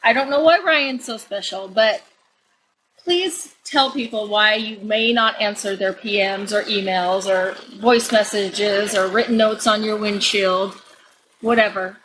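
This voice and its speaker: A woman's voice: mid-range voice, a little slow, a bit bright, slight background noise, rough recording. A woman co-hosting a podcast, chatty and teasing as she asks questions. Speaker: podcast co-host. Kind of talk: casual podcast conversation.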